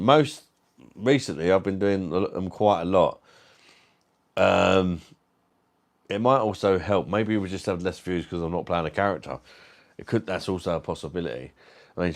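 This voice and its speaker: A man's voice: deep voice, moderate pace. A British man hosting a live stream, reading comments and joking about himself while swearing freely. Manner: jokey, self-mocking, swears freely.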